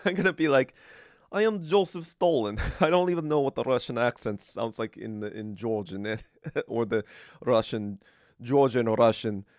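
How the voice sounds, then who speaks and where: A man's voice: mid-range voice, no echo, studio quality. A young man hosting a podcast livestream, ranting casually in a crude, joking, rambling way. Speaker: podcast host.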